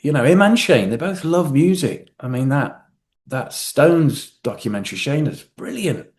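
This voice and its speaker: A man, a guest actor in a casual interview, telling animated stories and acting out quotes from others. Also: fairly high pitch, moderate pace. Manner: animated storyteller, acts out quotes with swearing.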